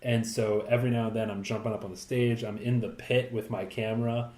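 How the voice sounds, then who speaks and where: A man's voice: mid-range voice, level tone, a little fast, darkish tone. A young man casually telling a rambling, profane story on a podcast, full of fillers. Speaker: podcast co-host. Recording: echoey room.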